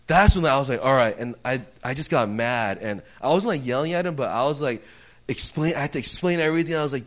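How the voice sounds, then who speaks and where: Animated young preacher telling a story. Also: male voice, medium pitch, fast. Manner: animated storytelling, swings from quiet to loud; conversational, many fillers. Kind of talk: sermon with personal story.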